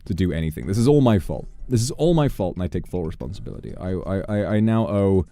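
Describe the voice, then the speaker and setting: A man's voice: deep voice, lively intonation, fast talker, dark tone, soft background music. A young man chatting on a gaming livestream, rambling into mock-exasperated rants with plenty of swearing. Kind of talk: casual livestream chat while gaming.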